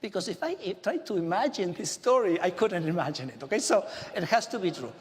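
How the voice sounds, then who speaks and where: High-voiced man with an Argentine accent. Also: brisk, long reverb tail. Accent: Argentine Spanish. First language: Spanish. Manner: animated storytelling, frequent "okay?" asides. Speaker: government minister giving a speech. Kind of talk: speech to a business audience. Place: large conference hall.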